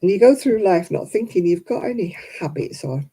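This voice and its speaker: A woman's voice: mid-range voice, animated, a little fast, dark tone, breathy edge, rough recording. A middle-aged woman from England, chatting casually to camera at home and laughing often. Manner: chatty, laughs often, mimics other accents. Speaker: vlogger. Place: quiet room at home.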